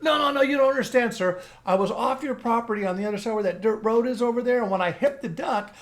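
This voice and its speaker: A man voicing an excitable, stubborn male duck hunter who pleads and insists. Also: a little high, brisk, gravelly, exaggerated voice. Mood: pleading.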